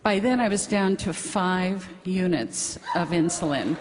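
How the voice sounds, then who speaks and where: A woman's voice: lowish voice, measured pace, a loud crowd, very noisy. A woman giving a cheerful testimonial to an audience, laughing often as she talks. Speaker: testimonial speaker. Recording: long reverb of a hall.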